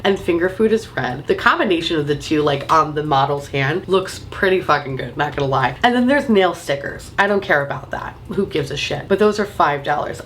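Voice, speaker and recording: A woman, a beauty vlogger chatting to camera in an animated way, swearing freely and laughing often. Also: fairly low pitch, a little hiss or hum. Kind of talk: casual chat to camera.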